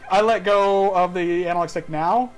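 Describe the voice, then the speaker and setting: A woman's voice: fairly low pitch, moderate pace, rough recording. Woman, let's-play commentator, casual chat, frequent laughter, swearing, faint music behind. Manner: laughing, swearing, animated retelling. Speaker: gameplay commentator.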